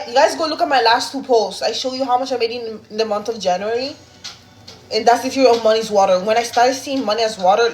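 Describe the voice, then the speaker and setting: A woman chatting casually on a livestream while she cooks, blunt and profane, talking straight to her viewers on a phone. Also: on the high side. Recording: echoey room with loud music behind.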